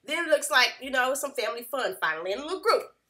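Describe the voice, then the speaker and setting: A young woman casually recapping a reality TV episode in a chatty, gossipy, animated way. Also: high voice, quick pace.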